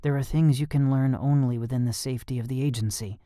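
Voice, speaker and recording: A man's voice: mid-range voice, fairly even intonation, quick pace, mellow, no room sound, natural voice. A man voicing a confident young male combat trainer who coaches with dry teasing.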